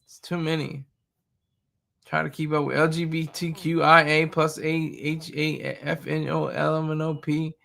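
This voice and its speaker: A man's voice: on the high side, little pitch movement, a little slow, vocal fry, a bit bright. A man in his thirties hosting a casual live stream, talking in a blunt, rambling and opinionated way. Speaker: streamer host.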